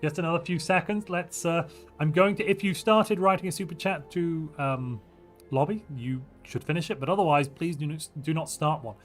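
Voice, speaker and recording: Guy streaming a strategy game, slightly high voice, chatty and playful, bit of music behind him. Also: normal speed. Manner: chatty, reads viewer chat aloud and reacts; playful, muses aloud while weighing options. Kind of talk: casual livestream gameplay commentary. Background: faint background music.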